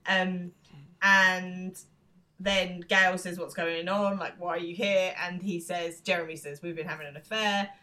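Woman podcast co-host, low-set voice, laughs a lot while retelling scenes. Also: fairly even intonation, unhurried, sharp tone. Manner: laughs often, acts out quotes. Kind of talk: casual chat recapping a show.

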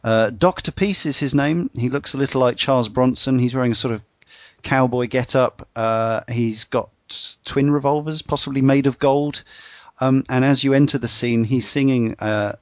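A man's voice: mid-range voice, moderate pace, no room sound. A man hosting a casual discussion, rambling with many fillers and restarts. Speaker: podcast host. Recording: dull dry lo-fi sound.

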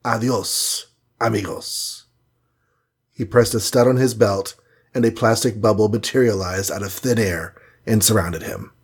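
A man's voice: fairly low pitch, normal speed, breathy edge. A man narrating a storybook in a dramatic telling manner. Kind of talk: audiobook narration.

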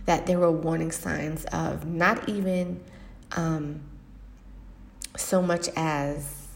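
A woman with a low, gravelly voice hosts a faith-based podcast monologue. She speaks in a flat, even tone, earnest and reflective, pausing often and filling gaps with soft ums. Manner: earnest and reflective, with frequent pauses and fillers. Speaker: podcast host. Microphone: podcast microphone.

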